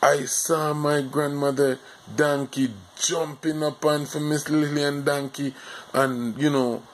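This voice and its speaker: A man from Jamaica with a Jamaican accent, telling a childhood story in a rambling, halting way full of fillers. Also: a little high, flat delivery, slight background noise, poor audio. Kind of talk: casual storytime monologue.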